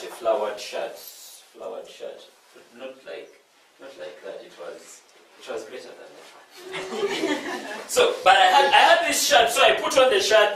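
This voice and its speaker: Man, from East Africa, inspirational speaker, animated storytelling, fairly high voice, far off in a very echoey hall. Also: slight background noise. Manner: animated, repeats phrases, asks the audience questions. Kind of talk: storytelling talk to a live audience.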